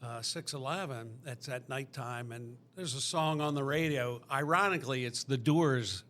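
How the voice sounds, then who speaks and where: A man's voice: mid-range voice, moderate pace, a bit bright, a little hiss or hum. A middle-aged man from Pennsylvania, a podcast guest, tells his recovery story in a rambling way, full of restarts.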